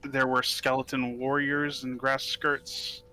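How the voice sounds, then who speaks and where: A man with a bright, clear voice chats loosely at the table, spinning rambling jokes as he plays a tabletop game. A faint hiss sits under his voice. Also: mid-range voice, level tone, takes it slowly, poor audio. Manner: rambling, jokey riffing. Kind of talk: casual tabletop game chat.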